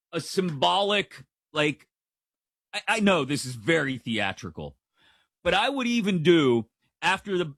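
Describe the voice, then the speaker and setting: A man's voice: a little high, a bit bright, no room sound, clean studio sound. Jokey man hosting a sports show. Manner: playful, jokey, emphatic opinions. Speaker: sports podcast host. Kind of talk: casual sports commentary.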